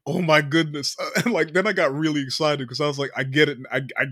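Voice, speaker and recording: Guy hosting a movie podcast, laughs a lot, gets tripped up when he's excited, dry close mic. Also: fairly high pitch, fast talker, no room sound. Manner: enthusiastic, laughs often, stammers when excited. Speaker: podcast host. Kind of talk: casual movie podcast chat.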